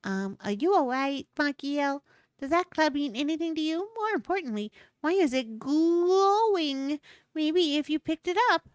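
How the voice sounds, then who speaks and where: A woman's voice: sits high, animated, a little slow, no room sound. A woman voicing a bubbly little monster that mangles words playfully, reading game dialogue. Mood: curious.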